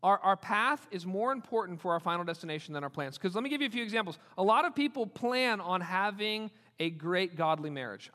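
A man preaching a sermon as pastor, animated and repeating his points for emphasis. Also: high voice, a little fast, few pauses. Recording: long reverb of a large hall.

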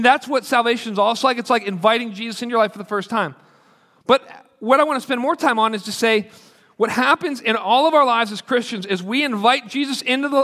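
A man's voice: extremely high pitch, bright, forceful tone. A man preaching a sermon to a congregation in an earnest, conversational way, acting out quoted lines. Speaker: pastor. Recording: long hall reverb.

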